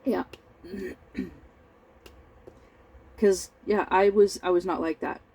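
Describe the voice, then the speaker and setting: Slow, rambling tired woman. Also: lowish voice, fairly even intonation, dull audio. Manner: rambling, halting, with frequent throat-clearing and fillers. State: over-tired. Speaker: crafting vlogger. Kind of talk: casual storytelling while crafting.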